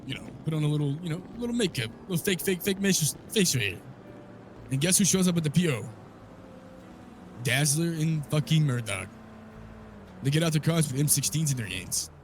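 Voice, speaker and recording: A man with a slightly high voice tells a long, profane story in character, full of quoted back-and-forth. His delivery is animated and rough-edged. Street noise stays clearly audible behind him. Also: fairly quick, long pauses. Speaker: roleplay character telling a story. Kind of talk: in-character story recap in a game.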